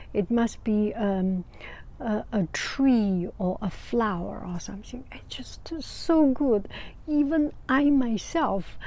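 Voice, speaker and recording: A woman from China, an art teacher telling a casual story, halting as she searches for words and often breaking into soft laughter. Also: medium pitch. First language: Mandarin Chinese.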